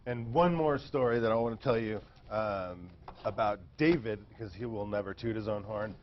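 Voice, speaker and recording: A man hosting a training talk speaks about his guest in a relaxed, casual way. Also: lowish voice, normal speed. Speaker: trainer and host. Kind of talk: casual introduction. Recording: muffled sound from off-mic, faint noise.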